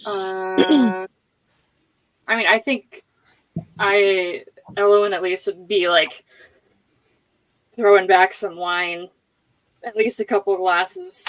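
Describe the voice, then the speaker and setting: A woman player in a tabletop game speaking in a halting, wry way. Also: medium pitch, steady tone, low-quality recording.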